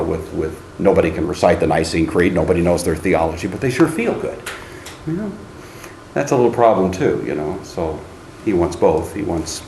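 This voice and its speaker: Guy teaching a class, very lively up and down voice, roomy echo, faint hum behind. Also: low voice. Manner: animated, calls on students by name; mocking singsong when quoting shallow hymns. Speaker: lecturer. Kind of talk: classroom lecture. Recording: echoey classroom with faint ambient noise.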